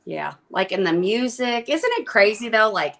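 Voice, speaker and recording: A woman's voice: mid-range voice, very animated, moderate pace, gravelly, a bit bright, slight background noise. A woman chatting casually on a live stream, blunt and gushing, swearing freely. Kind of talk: casual chat.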